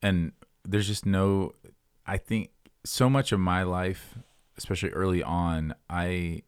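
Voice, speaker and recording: A man's voice: low-pitched, steady tone, slow, clear, resonant tone, no echo, clean studio sound. A man co-hosting a podcast, speaking earnestly about faith and searching for his words with many fillers. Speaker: podcast co-host. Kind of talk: casual Bible discussion.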